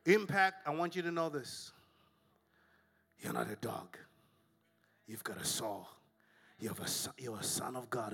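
A pastor who grew up in Africa preaching a sermon, telling lively stories and then dropping to soft, hushed tones. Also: male voice, mid-range voice, measured pace, pauses often, slightly rough. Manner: animated storytelling, swinging to soft and hushed.

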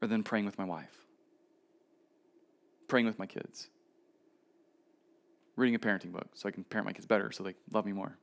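A man in his thirties preaching a casual, storytelling sermon at a church service, swinging between emphatic lines and quiet asides. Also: lowish voice, fairly even intonation, moderate pace, long pauses. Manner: conversational storytelling, shifts between loud emphasis and soft asides. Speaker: pastor.

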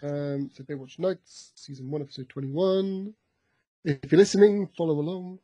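A man co-hosting a casual podcast, asking questions and thinking aloud. His voice sits a little high and sounds a bit husky. The recording is close and dry, with no room sound. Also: steady tone, moderate pace, mellow, no echo. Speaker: podcast co-host. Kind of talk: casual chat.

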